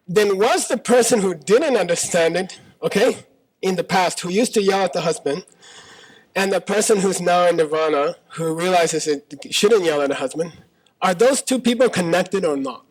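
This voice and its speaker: A man with a high, light voice gives a Buddhist teaching before a live audience in a small auditorium. He talks in a loose, conversational way and keeps checking in with his listeners. He argues his point by firing one question after another. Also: normal speed, poor audio. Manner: argues by voicing debating partners in questions. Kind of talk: live dharma talk to an audience.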